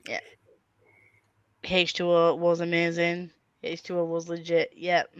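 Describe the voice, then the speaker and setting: A woman's voice: lowish voice, completely flat delivery, a little slow, clear, resonant tone, dry recording, lo-fi sound. A young woman hosting a casual reading-sprint chat, laughing a lot and swearing now and then. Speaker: host.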